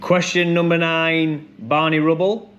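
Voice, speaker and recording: A man hosting a pub quiz, chatty and rambling with many ums and restarts, who reads each question and then repeats it slowly. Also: a little high, level tone, fairly bright tone, lo-fi sound, slight background noise. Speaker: quiz host.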